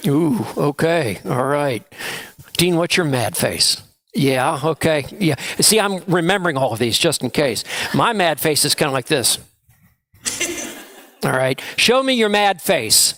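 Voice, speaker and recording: A man's voice: fairly high pitch, expressive, measured pace, fairly bright tone, no room sound. A man leading a children's story time in church, asking the children playful questions. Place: church sanctuary.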